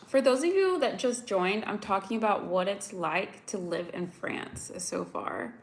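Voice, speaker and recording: Young American woman vlogger, chatty and animated, telling viewers a story, near tears. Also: medium pitch, measured pace, a little hiss or hum. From United States. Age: young adult. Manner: chatty, animated, many "like"s, addresses viewers directly. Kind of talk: casual storytelling to live viewers.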